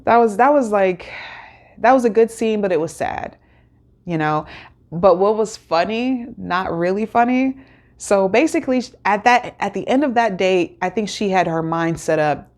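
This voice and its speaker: A woman's voice: mid-range voice, unhurried, darkish tone. A woman hosting a casual episode recap, rambling and chatty with many fillers and restarts. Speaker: host.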